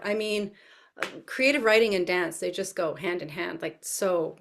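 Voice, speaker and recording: A woman's voice: fairly low pitch, normal speed, vocal fry. Enthusiastic middle-aged woman dance educator. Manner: enthusiastic, explanatory, restarts. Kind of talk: interview answers.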